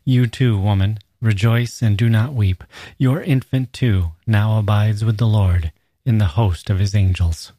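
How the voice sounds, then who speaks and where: A man reading aloud as a gentle, solemn old monk elder, measured and steady. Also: fairly low pitch, dry recording, clean studio sound. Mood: consoling.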